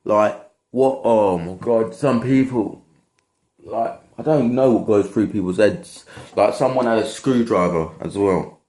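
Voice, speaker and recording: Deep-voiced sweary man ranting. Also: a little slow, warm tone. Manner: sweary, rambling, exasperated. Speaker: vlogger. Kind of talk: casual rant to camera.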